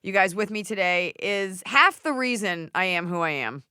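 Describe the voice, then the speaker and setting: A woman's voice: mid-range voice, lively intonation, moderate pace, sharp tone, smooth, no room sound, clean studio sound. Joking woman podcast host. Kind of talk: casual podcast chat. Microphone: studio mic without headphones.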